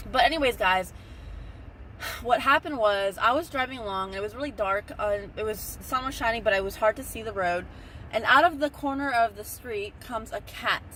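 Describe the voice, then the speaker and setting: A woman's voice: medium pitch, fairly bright tone, slight background noise. A young woman talking casually to viewers in a rambling storytelling vlog, recorded on a phone in a car. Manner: chatty, rambling, talks straight to viewers. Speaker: vlogger. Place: in a parked car.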